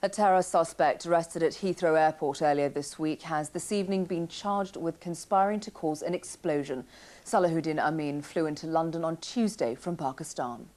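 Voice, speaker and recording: A woman news anchor reading the evening bulletin in a measured, formal way. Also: sits low, darkish tone.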